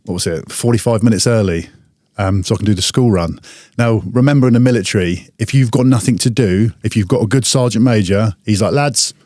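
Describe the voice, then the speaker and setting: A man tells a story in a lively, salty, animated way, as a podcast guest would. His voice sits fairly low. The sound is dry and close, with no room around it. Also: brisk, no room sound. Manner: animated anecdote-teller, swears freely. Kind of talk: casual storytelling.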